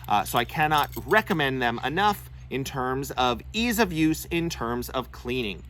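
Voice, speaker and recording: A man's voice: medium pitch, sing-song, normal speed, a bit bright, slight background noise. A young man hosting an instructional vlog on parrot keeping, explaining earnestly with frequent "uh" fillers. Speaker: bird-keeping video host.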